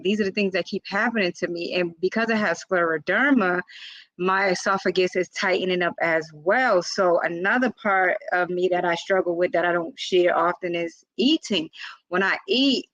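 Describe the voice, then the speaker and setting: A woman's voice: lowish voice, dry recording. Earnest woman vlogger, slightly dull recording. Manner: informal, filler-heavy, earnest. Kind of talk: casual personal storytelling.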